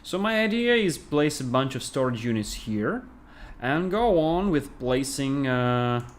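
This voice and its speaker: Man, Russian accent, Russian native speaker, game developer, livestream chat, slow and halting, middling pitch. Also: sing-song, slight background noise. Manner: thinking aloud, halting with fillers. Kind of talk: casual livestream gameplay commentary.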